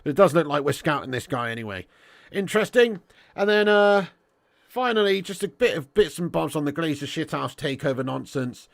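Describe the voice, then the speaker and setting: A man's voice: on the high side, expressive, a little fast, gravelly. A young man from Dorset, hosting a casual football livestream and reading comments with sweary, jokey banter. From Dorset, England. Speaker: football channel host.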